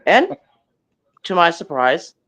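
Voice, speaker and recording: A man telling a casual story in an animated way, acting out quotes and growling noises. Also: a little high, slow. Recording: dull lo-fi sound.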